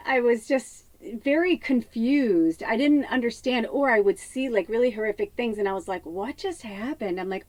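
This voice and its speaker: A woman's voice: on the high side, dry recording. A woman psychic medium in a rambling spiritual monologue, often laughing and swearing casually as she talks.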